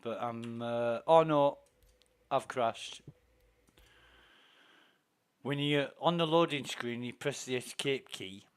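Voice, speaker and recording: A man's voice: mid-range voice, takes it slowly, long pauses, clear, resonant tone. A man streaming a space game, chatting casually and narrating what he is doing as he plays. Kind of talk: casual gaming chat.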